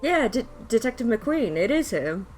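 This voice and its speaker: A woman's voice: fairly high pitch, sing-song, moderate pace, a little mellow, faint music behind. A woman streaming a game live, chatting casually with viewers, swearing freely and joking about herself. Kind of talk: live-stream gameplay commentary.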